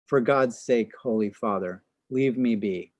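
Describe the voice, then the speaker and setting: A man voicing a tormented young feast-master, defiant and impassioned. He speaks at an unhurried pace in a dry, close sound. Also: mid-range voice, no room sound, lightly acted. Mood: desperate. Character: anguished young male feast chairman.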